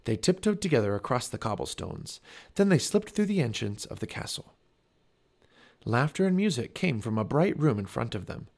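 A man reading a children's chapter book aloud, with expressive storybook narration. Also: mid-range voice, normal speed, creaky. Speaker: family podcast reader.

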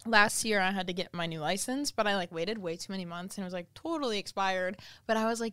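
A woman's voice: medium pitch, fast talker, hardly any pauses, sharp tone, clean tone, no room sound. Young woman, twenties, bubbly, rambling, casual podcast chat, dry close sound. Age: 20s. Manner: bubbly, rambling storyteller, heavy filler "like". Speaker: podcast co-host.

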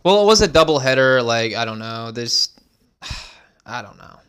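Brief: male podcast co-host, smooth clear voice, subdued and laid-back. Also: very animated, moderate pace, a bit bright. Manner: low-key, brief reactions. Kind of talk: casual chat.

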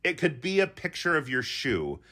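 A man's voice: fairly high pitch, huge pitch swings, moderate pace, bright, forceful tone. A man co-hosting a casual comedy podcast, rambling and giggly, poking fun at himself. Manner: rambling, giggly, self-mocking. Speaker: podcast co-host.

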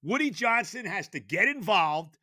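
High, shouting, sharp-voiced older man. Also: very animated, moderate pace, dry recording. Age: 70s. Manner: exasperated, shouting, stammering. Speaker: podcast host. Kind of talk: ranting sports talk.

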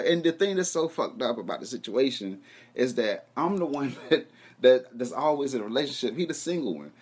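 A man telling a comic story about his girlfriend, animated, profane and laughing as he goes. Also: fairly high pitch. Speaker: comedian. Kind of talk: stand-up storytelling.

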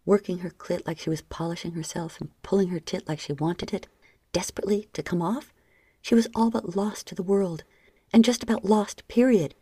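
A woman reading an erotic story aloud as audiobook narration, often sinking into a soft whisper. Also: on the low side, normal speed, slightly rough, no echo. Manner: soft, frequently dropping into whispers.

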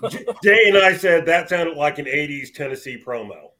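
A man's voice: on the high side, expressive, normal speed, sharp tone, low-quality recording. A man co-hosting a casual wrestling podcast, adding dry, wisecracking asides. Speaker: podcast co-host. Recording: clear background noise.

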